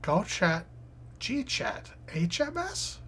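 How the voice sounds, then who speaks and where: A woman's voice: mid-range voice, big pitch swings, takes it slowly, fairly bright tone, a little hiss or hum. A woman live streaming, reading crossword clues aloud and muttering her guesses as she thinks.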